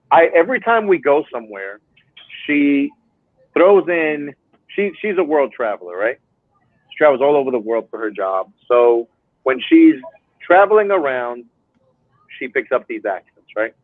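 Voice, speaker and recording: A man's voice: medium pitch, no echo. A man hosting a casual live-stream chat who tells joking stories and calls people "bro". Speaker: host. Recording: tinny phone-like line, dry.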